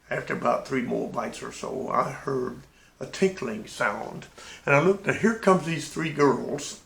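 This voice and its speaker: An older man and navy veteran telling a sea story in a folksy, animated way. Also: mid-range voice, gravelly, reverberant. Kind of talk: casual spoken anecdote.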